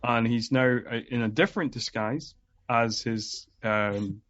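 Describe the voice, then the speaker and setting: A man's voice: medium pitch, unhurried, a bit bright, highs cut off. A man co-hosting a podcast, chatting casually about a film with frequent ums and uhs. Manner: hesitant, many ums and uhs. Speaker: podcast co-host.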